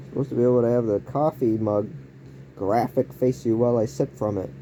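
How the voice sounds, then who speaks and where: A man rambling through a casual home vlog indoors, using odd word choices and breaking into sudden yelled outbursts. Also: mid-range voice, fairly even intonation, brisk, slight background noise. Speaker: vlogger.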